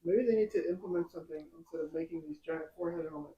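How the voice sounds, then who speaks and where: Man, husky slightly high voice, fast casual sports co-host. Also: highs cut off. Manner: quick, loose, lots of fillers.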